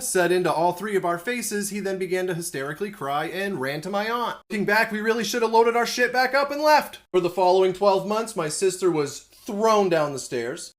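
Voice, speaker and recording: A man telling a creepy family story in a blunt, deadpan way, swearing and listing events. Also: high voice. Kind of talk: casual storytime.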